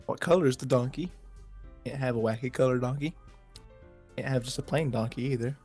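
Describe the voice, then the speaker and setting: A man hosting a let's play, reading the game's narration aloud in a drawn-out way between casual comments. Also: medium pitch, darkish tone, slightly rough, faint music behind. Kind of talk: reading game text aloud and chatting.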